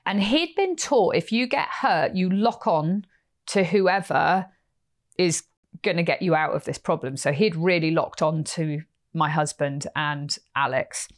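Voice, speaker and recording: A woman podcast host telling a personal story in a lively, animated way, acting out quotes as she goes. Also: sits low, unhurried. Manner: animated, vivid retelling with acted-out quotes.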